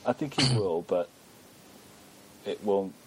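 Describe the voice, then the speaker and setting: A man with a very low voice chats casually as a podcast host. He rambles and undercuts himself with plenty of ums. Faint background hiss sits under his speech. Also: expressive, slow. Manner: rambling, self-deprecating, many fillers. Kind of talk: casual chat.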